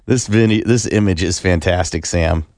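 A man's voice: sits low, normal speed, a little mellow, no echo. A man co-hosting a podcast, chatting casually in a skeptical and argumentative way. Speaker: podcast co-host. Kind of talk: casual chat.

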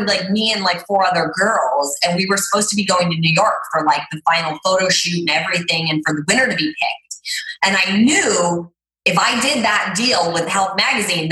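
A woman's voice: mid-range voice, bright, forceful tone. A woman guest telling her story in a casual interview, chatty and full of filler words. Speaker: guest, fitness trainer. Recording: roomy echo.

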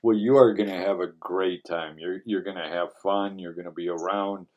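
Low, mellow-voiced man hosting radio chat. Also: steady tone, moderate pace, highs cut off. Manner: storytelling, jokey and emphatic. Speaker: radio show host.

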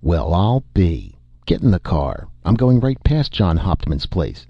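A man voicing a burly, blunt middle-aged farmer who talks in a drawling, gruff way. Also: low voice, huge pitch swings, unhurried, no echo, highs cut off, heavily acted.

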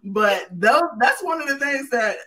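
High, bright woman a bit off-mic. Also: animated, unhurried, far from the mic. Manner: earnest, plain-spoken, calls herself not talkative. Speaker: guest. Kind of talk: casual chat.

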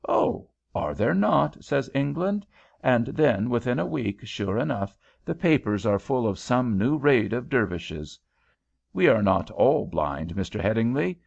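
A man reading aloud, voicing an indignant, patriotic Frenchman in an excitable, formal manner. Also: mid-range voice, measured pace, gravelly, full character voice. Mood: scornful. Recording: dull lo-fi home recording.

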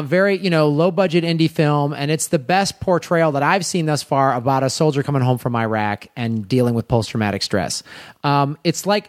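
A man co-hosting a loose movie podcast, with a fairly high voice. He talks in a rambling, jokey way, chatting casually about films. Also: dry recording, studio quality. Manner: jokey, rambling, with goofy put-on accents. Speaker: podcast co-host.

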